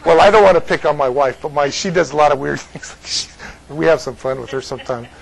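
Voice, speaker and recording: A man from California gives informal Bible teaching to a small group, joking and laughing often between points. His voice is fairly high-pitched, fast, and creaky, and the recording is low quality.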